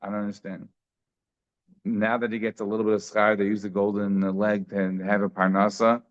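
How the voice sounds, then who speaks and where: A man's voice: on the low side, completely flat delivery, moderate pace. A man giving a daily Talmud class in a conversational way, thinking aloud with frequent restarts. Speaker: Talmud teacher. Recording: slightly dull lo-fi sound.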